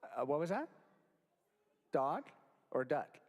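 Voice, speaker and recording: High, playful man entertaining kids. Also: takes it slowly, in a large hall. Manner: goofy, animated, jokey with the kids. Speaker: children's songwriter and performer. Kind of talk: playful kids' show with sing-along. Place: library event space with a live audience.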